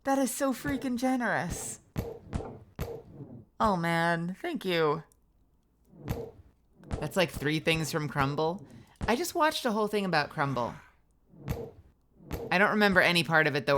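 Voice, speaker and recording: A woman's voice: low voice, animated, moderate pace, pauses often, a bit bright, slight background noise. A woman streamer chatting casually late at night, loose and jokey with a lot of swearing.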